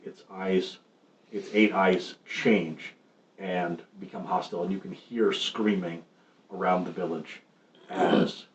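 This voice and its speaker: Male game master, low and unhurried, hesitant narration, roomy lo-fi stream sound. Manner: halting, many ums and restarts. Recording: roomy, muffled stream audio with faint noise.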